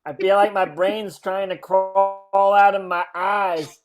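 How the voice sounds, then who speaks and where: A man's voice: sits high, fairly even intonation, slow, over loud music. A man reading a hungover twenty-eight-year-old from Boston, groaning and miserable, in an amateur script read.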